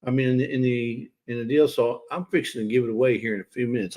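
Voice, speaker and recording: Male host, casual livestream chatter, teasing and talkative, mid-pitched voice. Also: steady tone, quick pace, a little mellow. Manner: chatty, teasing, talks straight to chat viewers.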